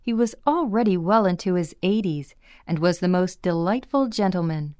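A woman reading a first-person memoir aloud in a measured, plain storytelling manner. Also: on the low side, lively intonation, warm tone, no room sound, clean studio sound. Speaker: audiobook reader.

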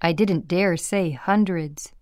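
Smooth-voiced woman reading a memoir. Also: lowish voice, darkish tone, no echo, clean studio sound. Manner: measured, plain storytelling. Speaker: audiobook reader.

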